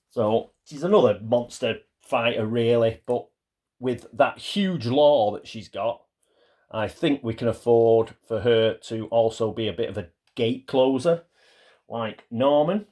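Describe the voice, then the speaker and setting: A man's voice: mid-range voice, animated, unhurried, warm tone. Chatty man explaining a board game. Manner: chatty, stumbles and restarts while reading small card text. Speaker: board game player and channel host. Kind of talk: casual solo playthrough commentary, reading cards aloud.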